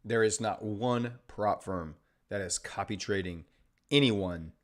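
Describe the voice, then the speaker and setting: Speaking slowly in a lowish register, a man hosts a trading livestream. He reads chat messages aloud and trades casual, sarcastic jokes with his viewers.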